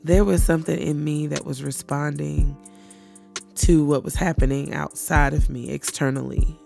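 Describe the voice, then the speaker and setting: A woman hosting a personal faith podcast who talks candidly and reflectively, often pausing with fillers. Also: low-pitched, fairly even intonation, vocal fry, a little mellow, soft background music. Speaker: podcast host.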